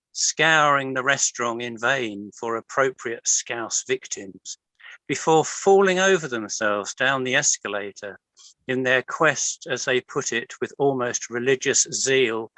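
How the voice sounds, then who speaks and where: Bright-voiced man reading poems. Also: medium pitch, no echo, rough recording. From Liverpool, England. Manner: expressive storytelling reading. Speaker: guest poet and artist. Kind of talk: reading his own poems aloud.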